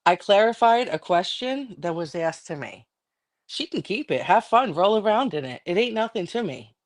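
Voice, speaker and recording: A woman's voice: mid-range voice, very animated, normal speed. A middle-aged woman on a livestream, ranting angrily and defiantly with constant swearing. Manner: angry, defiant, profane. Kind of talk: heated livestream rant.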